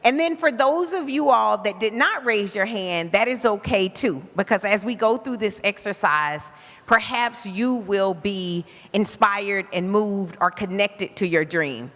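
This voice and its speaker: Slow-talking Alabama woman in a reverberant hall. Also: mid-range voice. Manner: warm, engaging, asks the crowd questions. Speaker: guest speaker. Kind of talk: motivational talk to a live audience. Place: event venue with live audience.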